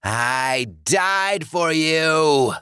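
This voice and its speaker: A man voicing a rotting undead ex-boyfriend with a croaking, death-rattle voice, slow and menacing. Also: fairly low pitch, expressive, fairly bright tone, dry recording, clean studio sound, exaggerated voice. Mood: raging. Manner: slow, drawn-out, sing-song menace.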